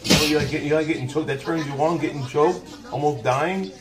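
A man's voice: a little high, a little fast. A man hosting a reaction video, talking casually, laughing and blurting out disbelief. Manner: laughing, incredulous, blunt. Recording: echoey room, loud background noise.

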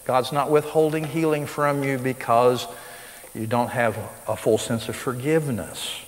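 A man's voice: mid-range voice, steady tone, unhurried. A man preaching a sermon to a live audience, emphatic, with his voice rising sharply on the points he stresses. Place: school hall with live audience. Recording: long reverb of a large hall.

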